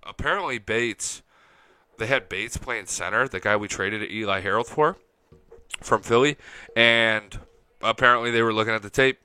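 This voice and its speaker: A young man hosting a casual live-stream fan chat, excitable and profane, reading viewer comments aloud. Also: fairly low pitch, normal speed, clean tone. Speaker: fan show host.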